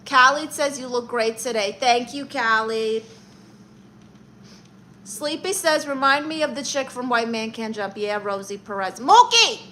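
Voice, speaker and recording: A woman's voice: fairly high pitch, measured pace, sharp tone, slight background noise, low-quality recording. A woman from Brooklyn, hosting a live stream as a comic aunt character who reads viewers' comments in a sassy, teasing way and calls them honey and darling. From Brooklyn, New York. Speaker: livestream host playing an aunt character. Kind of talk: live-stream chat reading.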